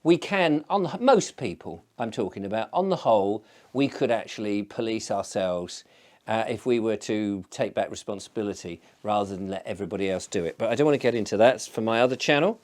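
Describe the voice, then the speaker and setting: Male host, relaxed and digressive, chats like he's spinning yarns to friends. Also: lowish voice, a little fast. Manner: digressive storyteller, chatty with many fillers. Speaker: channel host. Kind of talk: casual rambling vlog chat.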